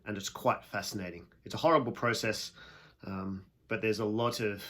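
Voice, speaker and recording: A young man giving a casual classroom video lesson, emphatic and self-deprecating, stretching out key phrases slowly. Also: lowish voice, steady tone, a bit bright. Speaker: teacher.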